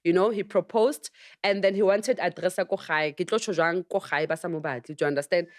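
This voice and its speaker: A woman's voice: fairly low pitch, fairly quick. A South African woman, a podcast guest, telling a personal story in earnest, slipping between English and Sesotho. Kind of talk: casual podcast conversation. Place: podcast studio.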